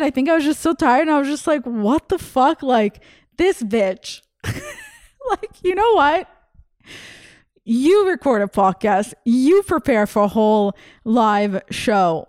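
A woman's voice: medium pitch, darkish tone, no room sound, studio quality. A young woman hosting a podcast, telling a story in a casual, chatty way, laughing often and acting out the other person's lines. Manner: chatty, laughs often, acts out quoted voices. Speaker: podcast host.

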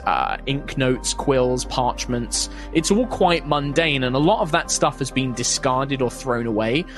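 A man's voice: medium pitch, fairly bright tone. Rambling man running a tabletop game. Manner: rambling, lots of ums and self-corrections. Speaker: game master.

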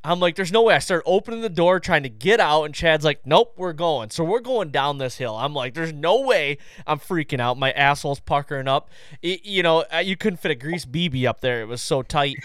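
A man hosting a podcast, telling a story in a loose, animated and profane way. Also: fairly high pitch, brisk, smooth, dry recording, clean studio sound. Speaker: podcast host. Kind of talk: casual storytelling chat.

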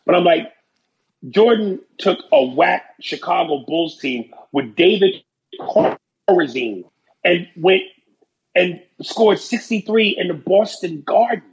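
A man's voice: high voice, animated, slow pace, gravelly, lo-fi sound. A man hosting a casual podcast, ranting brashly and profanely about sports and comedy. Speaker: podcast host.

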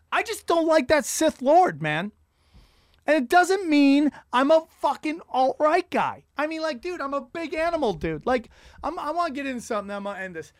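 A man's voice: high-pitched, dry recording, studio quality. A man telling rambling, profane stand-up stories on a podcast, with frequent restarts. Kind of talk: casual profane storytelling.

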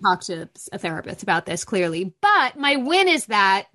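A woman's voice: mid-range voice, very animated, normal speed, sharp tone. A woman co-hosting a podcast, chatting candidly and frankly about parenting and swearing freely. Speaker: podcast co-host. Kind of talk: candid casual chat.

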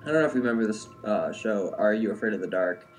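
A man's voice: on the low side, expressive, fast, darkish tone, soft background music. A young adult man telling a personal story in a casual, rambling way, full of "like" and "um". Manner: rambling, heavy use of "like" and "um".

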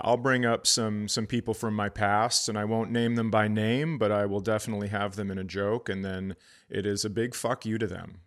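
A man, a comedian co-hosting a podcast, talking in a rambling, self-deprecating way. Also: lowish voice. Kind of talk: casual comedic chat.

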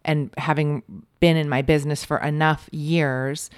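Brief: forties woman host, low and smooth tone, soft-spoken and thoughtful, dry close mic. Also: little pitch movement, a little slow, no echo. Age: 40s. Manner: soft, reflective, thinks aloud. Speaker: podcast host. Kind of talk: casual conversation.

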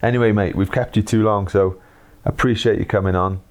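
A man's voice: on the low side, fairly even intonation, a little fast. A Welsh man hosting a podcast, chatting in an easygoing, matey way and laughing often. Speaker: podcast host. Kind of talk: casual chat.

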